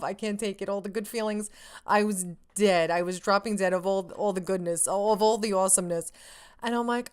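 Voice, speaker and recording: A woman vlogger telling a story in a casual, excitable, rambling way, full of fillers and acted-out lines of her own. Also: mid-range voice, moderate pace, clean tone.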